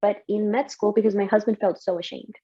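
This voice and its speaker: Emotional young mother with a mellow voice. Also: mid-range voice, quick pace, husky, muffled recording. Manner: emotional, lively, laughs often. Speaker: interviewee, mother. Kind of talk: candid personal story.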